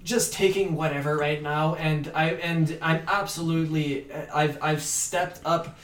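A man's voice: a little high, fairly even intonation, unhurried, fairly bright tone, distant mic, a little hiss or hum. A young man, a guest actor, rambling casually with many restarts and "like"s. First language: French. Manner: rambling, stammering restarts, frequent "like". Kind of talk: casual interview chat. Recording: roomy echo.

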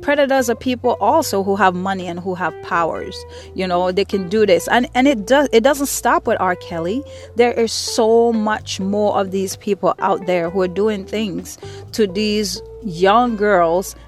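Middle-aged woman host, angry and profane, repeating her points hard, mid-pitched voice, soft music behind. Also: measured pace. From Caribbean. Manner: angry, profane, repetitive emphatic speech. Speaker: podcast host. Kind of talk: impassioned monologue.

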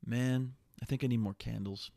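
A man's voice: medium pitch, steady tone, moderate pace, creaky, mellow, dry recording, clean studio sound. A young man hosting his own podcast, rambling casually and restlessly, with plenty of swearing and a bit of a sniffle. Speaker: podcast host. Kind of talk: casual solo podcast monologue.

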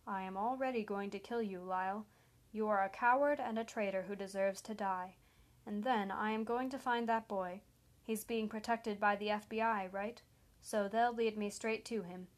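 A woman's voice: mid-range voice, fairly even intonation, moderate pace, lightly acted. Raptor, a smug hitman, read by a woman. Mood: menacing. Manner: smug, taunting. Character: cold cruel male hitman, mocking.

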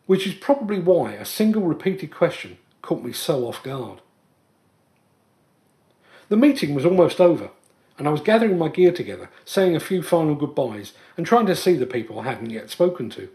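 Male podcast host, earnest scripted monologue, lively pitch, slightly high voice. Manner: earnest, measured storytelling.

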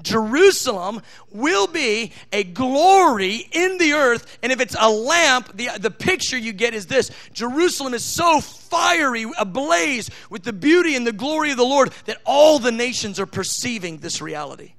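A man preaching a sermon, teaching from scripture with fervent emphasis, rushing asides and slowing down to stress key phrases. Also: very high-pitched, big pitch swings, fairly bright tone.

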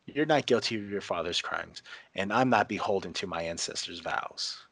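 A stubborn young king answers in short, plain lines, read by a man. His voice is fairly low and dry. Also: moderate pace, creaky, a bit bright, no echo, exaggerated voice. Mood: blunt. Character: young male northern king, blunt and stubborn.

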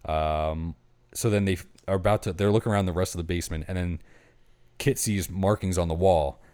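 Deep-voiced casual podcast guy. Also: steady tone, a little fast, mellow, smooth, dry recording. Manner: loose and profane, acts out characters' lines. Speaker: podcast co-host. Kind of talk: casual chat retelling a movie plot.

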